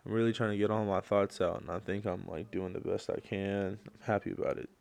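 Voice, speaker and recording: On his solo podcast, a young host rambles through slangy stories with lots of fillers, getting loud and heated whenever he starts ranting. His lowish voice is fairly quick, with fairly even intonation and vocal fry.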